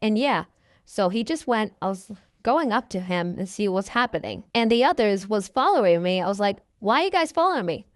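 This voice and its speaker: A woman's voice: medium pitch, lively intonation, moderate pace, no echo, studio quality. A woman telling a fan story in a rambling, profane and ungrammatical way.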